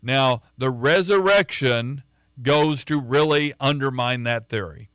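A man's voice: medium pitch, measured pace, a bit bright, no echo, studio quality. A man preaching a sermon in a conversational way, often repeating words and using fillers as he tells a story.

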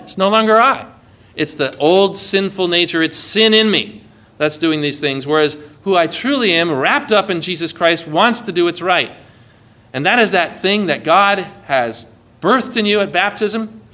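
A man, a pastor, preaching an earnest, emphatic sermon with dramatic pitch swings. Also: bright, forceful tone. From United States.

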